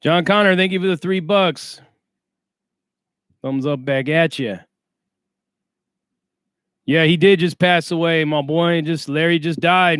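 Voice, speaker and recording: A man's voice: on the high side, fairly bright tone, clear, resonant tone, no echo, studio quality. Streetwise man hosting a livestream. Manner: streetwise slang, reads chat names aloud. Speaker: livestream host. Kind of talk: casual livestream chat.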